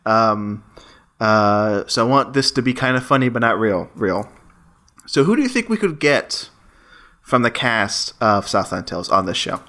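A man's voice: lowish voice, lively intonation, moderate pace, sharp tone. A man co-hosting a podcast in casual chat, rambling playfully with many restarts. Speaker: podcast co-host.

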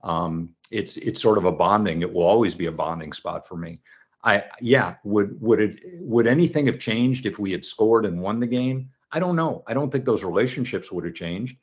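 A man's voice: lowish voice, normal speed. A man in his sixties, a football coach, telling his story in an earnest, reflective way as an interview guest. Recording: dull lo-fi sound.

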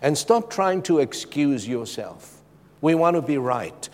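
A middle-aged man preaching a sermon with a personal testimony, emphatic and moving between loud urgency and hushed tones. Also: mid-range voice, very animated, a little slow. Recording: long reverb of a large hall.

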